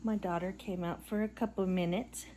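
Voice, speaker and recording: A middle-aged woman chats while she crochets in her living room at home. She rambles, sounds tired and lets out soft laughs, in a voice of middling pitch. Faint background audio plays under her. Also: steady tone, moderate pace, slight background noise. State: tired and yawning. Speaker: crochet vlogger. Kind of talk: casual chat while crocheting. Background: faint background audio playing.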